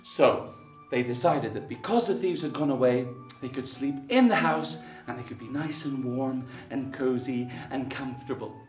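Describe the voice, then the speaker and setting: A man telling a children's story in an animated way, acting out sounds and voices. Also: mid-range voice. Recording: roomy, distant mic, faint music.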